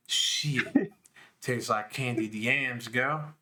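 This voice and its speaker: A man's voice: mid-range voice, very slow, sharp tone. A man co-hosting a podcast, doing a comedic reading of a crude novel and laughing as he goes. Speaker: podcast co-host.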